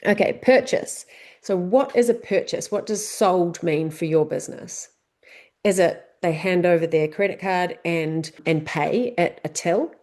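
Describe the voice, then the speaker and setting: New Zealand accent, woman, business tips presenter, rhetorical questions, mellow tone. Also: on the low side, unhurried. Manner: conversational, asks many rhetorical questions.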